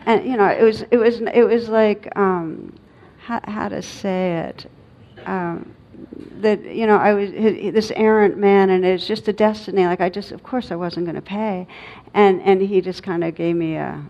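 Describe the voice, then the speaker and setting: A middle-aged woman, a meditation teacher, giving a dharma talk in a reflective, halting way with many pauses and fillers. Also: medium pitch, fairly even intonation, warm tone. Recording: dull lo-fi recording.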